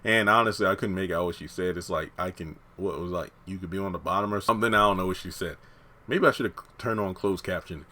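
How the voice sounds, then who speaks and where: Bright-voiced man giving blunt opinions. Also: deep voice, quick pace. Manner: animated, acts out characters' lines while retelling. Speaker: TV episode reviewer. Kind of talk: casual spoken review.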